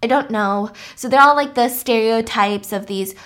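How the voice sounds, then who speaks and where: A woman's voice: a little high, normal speed, a bit bright. A young woman casually retelling a story for a podcast, chatty and full of "like", acting out the quotes as she goes. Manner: chatty, lots of "like", acts out quotes.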